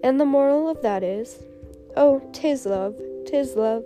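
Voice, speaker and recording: A woman's voice: high-pitched, unhurried. A woman reading a fawning duchess who finds a moral in everything, with music behind. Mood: moralizing. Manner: sententious, agreeable. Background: background music.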